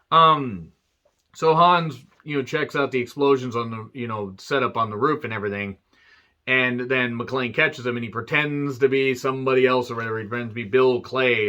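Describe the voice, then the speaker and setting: Male reviewer, casual profane plot recap, tense bright tone, muffled lo-fi sound. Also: mid-range voice. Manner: profane, joking asides, many fillers. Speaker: movie reviewer. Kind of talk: casual rambling movie recap.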